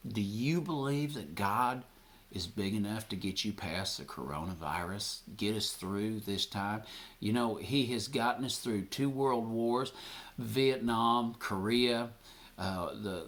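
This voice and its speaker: A man's voice: medium pitch, fairly bright tone. A middle-aged man preaching an earnest sermon as a pastor, retelling scripture scenes and quoting the speakers in them.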